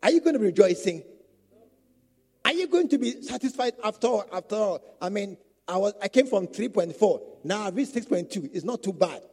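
A man's voice: high voice, brisk, hardly any pauses. A man preaching a sermon to church leaders, repeating phrases and acting out quotes. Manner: animated preaching with repetition and acted quotes. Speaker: pastor.

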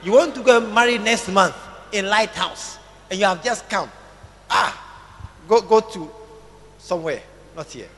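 A man preaches to his church, his voice high and bright with a forceful edge. He talks slowly and emphatically, repeating phrases and calling on the congregation to say amen. Long reverb from the church hall trails each phrase. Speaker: pastor. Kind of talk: sermon.

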